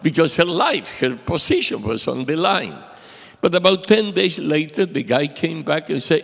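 Animated older man preaching in a hall. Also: high voice, measured pace, vocal fry. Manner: animated storyteller acting out quoted dialogue. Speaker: guest preacher. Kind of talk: sermon with storytelling. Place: church sanctuary. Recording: long hall reverb.

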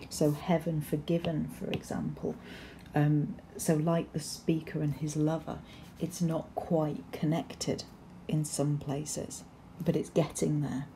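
A woman's voice: deep voice, dark tone, slight background noise. A woman teaching a recorded poetry lesson over slides, explaining steadily with frequent ums and restarts. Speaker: English teacher.

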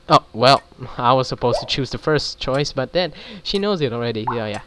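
A man's voice: mid-range voice, brisk, hardly any pauses, noisy background. A man casually commenting as he plays a story game, thinking aloud about which choice to pick. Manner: chatty, reacts aloud while thinking through choices. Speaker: gaming channel host.

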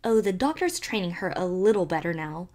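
A woman voicing a sharp-tongued spinster neighbor who relishes scandal and speaks emphatically. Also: lowish voice, sing-song, a little fast. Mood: scandalized.

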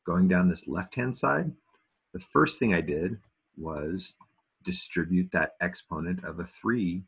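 Math teacher, male, very low and husky, relaxed lesson tone with joking asides. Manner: casual, self-deprecating asides. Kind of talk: recorded video lesson.

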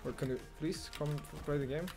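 A young man with a slightly high voice talks through his own match as it happens. He mutters one moment and yells the next, swearing and ranting freely, while music plays faintly underneath. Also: brisk. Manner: excitable, swears, rants, swings from mumbling to yelling. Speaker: gamer streamer. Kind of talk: gameplay commentary.

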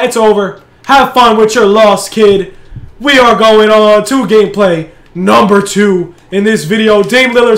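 A young man who hosts a gaming channel, giving live commentary on his own game. He shouts and cheers at big plays, then talks calmly. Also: very high voice. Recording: echoey room.

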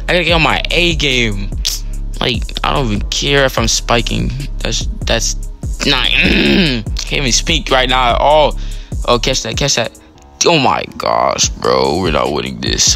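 A man giving excitable, slangy live commentary while playing an online football game, pleading with his teammates. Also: medium pitch, creaky. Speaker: gaming channel host.

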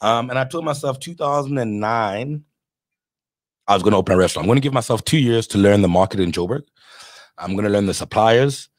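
A man from South Africa, a restaurateur, telling his story in a candid interview, animated and casual, acting out the people he quotes and swearing now and then. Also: low voice, no room sound. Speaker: restaurateur guest.

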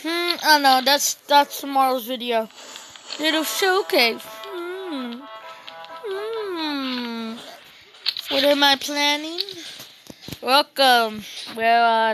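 A young gamer casually commenting on a strategy game she plays, rambling to herself and giving shout-outs to viewers. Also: sits high, slow pace, pauses often, soft background music, poor audio. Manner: rambling, talks to herself while playing. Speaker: gaming channel host.

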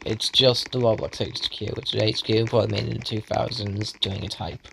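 A man commentating as he plays video games, panicking and yelling out reactions, with self-mocking asides. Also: lowish voice, little pitch movement, moderate pace, creaky, few pauses, slight background noise, rough recording. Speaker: gamer. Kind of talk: let's play commentary. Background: game music.

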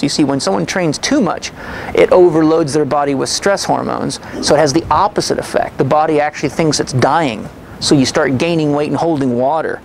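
A man giving a lecture, telling a story with confident, animated energy. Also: on the high side, brisk, vocal fry, slight background noise, rough recording. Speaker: health and fitness lecturer.

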